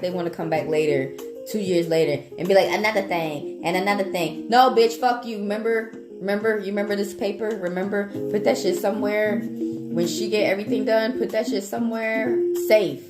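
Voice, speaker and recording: A woman, a live tarot reader chatting casually with viewers in a blunt, profane, animated way. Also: mid-range voice. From Atlanta, Georgia, US South. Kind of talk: casual livestream chat with viewers. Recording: echoey room with background music.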